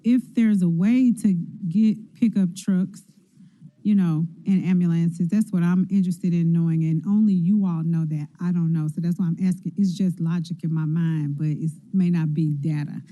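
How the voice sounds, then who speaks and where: A woman's voice: on the low side, steady tone, moderate pace, mellow. A councilwoman, questioning officials at a public budget hearing in a folksy, conversational way. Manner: folksy, conversational, with everyday examples. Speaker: city council member. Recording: dull lo-fi meeting audio.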